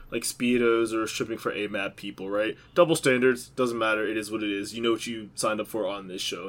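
A man's voice: lowish voice, a bit bright. A man co-hosting a podcast, telling rambling jokey stories in casual chat with lots of fillers. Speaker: podcast co-host.

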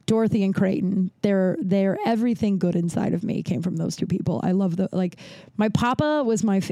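Chatty, swearing woman storyteller with a mellow voice. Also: medium pitch, no room sound. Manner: chatty, swears freely, acts out quoted voices. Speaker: podcast host. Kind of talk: casual storytelling monologue.

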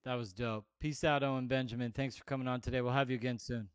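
A man's voice: medium pitch, steady tone, fast, clear, resonant tone, no room sound, clean studio sound. A man hosting a podcast, closing the show with an upbeat, hyped sign-off. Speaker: podcast host.

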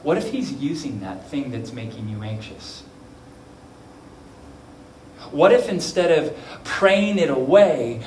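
Brief: earnest male pastor, slow deliberate sermon, roomy echo with faint background noise. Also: on the high side. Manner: earnest, swings from soft to emphatic. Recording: echoey room.

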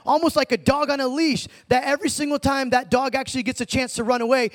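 A young man preaching an informal sermon, animated and slangy, calling listeners dude and man. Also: extremely high pitch. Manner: slangy, animated, talks in street terms like dude and bro.

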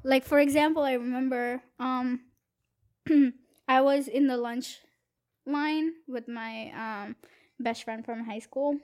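Young woman telling a halting story. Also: high voice, steady tone, a little mellow. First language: not English. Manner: storytelling with many fillers and restarts. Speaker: podcast guest. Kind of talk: casual chat. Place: small studio booth.

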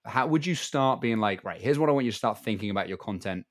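A man's voice: lowish voice, animated, fast talker, no room sound, studio quality. Teasing male podcast host. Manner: teasing, laughs often, probing questions. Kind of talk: casual podcast interview.

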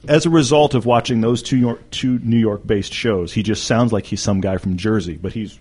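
A man chatting casually as a podcast guest, telling stories in an animated way. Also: fairly low pitch, husky. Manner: animated, quick storyteller. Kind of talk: casual chat.

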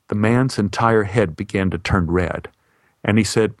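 Man, storyteller, wry and measured, deadpan, dry close recording. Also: fairly low pitch, dry recording. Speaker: actor telling a personal story. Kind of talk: storytelling monologue.

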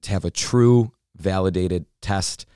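A man co-hosting a casual fitness chat, earnest and measured, summing up his partner's points with many fillers. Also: low voice, mellow, clear, resonant tone, no room sound, clean studio sound.

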